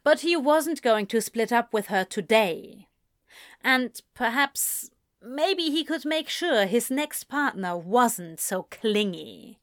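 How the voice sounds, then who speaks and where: A woman reading a story aloud in measured, gentle scripted narration. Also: on the high side, animated. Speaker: audiobook reader.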